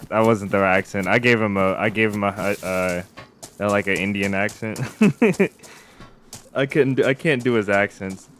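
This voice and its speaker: A man with a lowish voice streams a survival game, chatting with viewers in a relaxed, rambling way at an unhurried pace. It's casual live-stream commentary with slight background noise.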